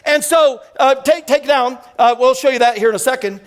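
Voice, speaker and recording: A man, preaching an energetic sermon full of storytelling in a church. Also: very high-pitched, a little fast. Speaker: guest preacher. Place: church sanctuary.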